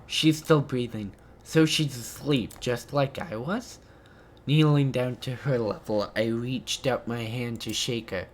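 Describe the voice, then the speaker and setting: A gamer reading every line of a visual novel aloud, with excited, stammering reactions between lines. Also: mid-range voice. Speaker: let's play gamer.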